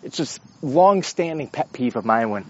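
A man's voice: mid-range voice, moderate pace, lo-fi sound, noisy background. An American man ranting in a casual, blunt and profane way about current affairs. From United States. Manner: profane, blunt, lively and opinionated. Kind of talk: casual rant.

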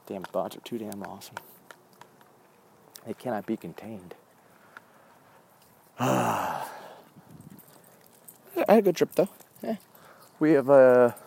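This show host, a man in his forties, talks in a mid-range, darkish voice while out with his dog. His casual monologue is profane and rambling, often wandering off track.

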